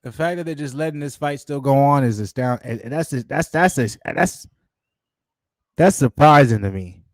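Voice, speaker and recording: A man's voice: mid-range voice, animated, normal speed, no room sound. Hyped man reacting to a fight. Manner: hyped, slangy, repetitive exclamations. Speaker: channel host. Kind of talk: live fight watch-along commentary.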